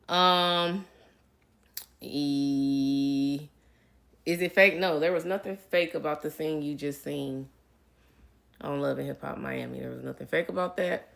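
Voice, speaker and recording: Woman, middle-aged, low voice, bright and punchy tone, chatty livestream talk, answering comments. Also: creaky. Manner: chatty, reads out and answers comments, addresses viewers as y'all. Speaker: reality TV personality answering live viewer comments. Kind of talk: casual livestream chat.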